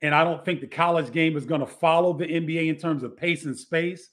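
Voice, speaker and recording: A man's voice: on the high side, steady tone, a little fast, a bit bright. A middle-aged man, a former basketball player, telling stories in a casual interview with many restarts.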